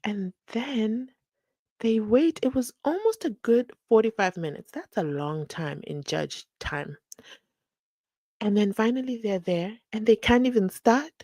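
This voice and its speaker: A woman's voice: fairly high pitch, very animated, a little slow, darkish tone, no echo. A young woman from Namibia, hosting a chatty, sarcastic commentary channel that reacts to a court trial. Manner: chatty, sarcastic, acts out the people she quotes.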